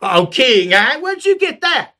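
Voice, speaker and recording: A man's voice: very high-pitched, sing-song, a little slow, sharp tone, pitched above the performer's own voice, exaggerated voice. A man voicing an argumentative peasant with a Southern accent and an indignant, lecturing manner.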